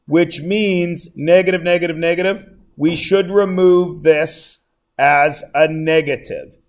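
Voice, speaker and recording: A man's voice: sits high, a little mellow. A male math teacher lecturing a class, joking and often checking that everyone follows. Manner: jokey, keeps checking in with the class.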